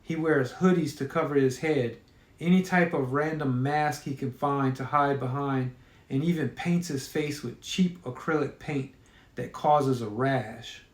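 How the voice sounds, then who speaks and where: A man's voice: mid-range voice, unhurried. A man reading his own horror story aloud in a casual storytelling manner, with occasional fillers. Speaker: author. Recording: roomy echo.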